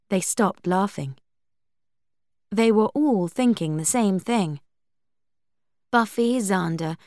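Slow, lively woman reading a story. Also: no room sound, studio quality. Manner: slow, lively reading; higher pitch for quoted speech. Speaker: narrator. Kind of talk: storybook reading with character voices.

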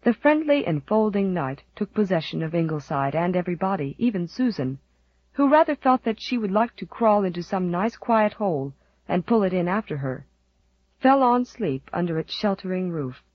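A woman reads a novel aloud in a gentle, even storytelling manner. Her voice is breathy, and the recording is dull and dry, with a lo-fi quality. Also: on the low side, normal speed, no room sound. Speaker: audiobook narrator. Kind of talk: scripted narration.

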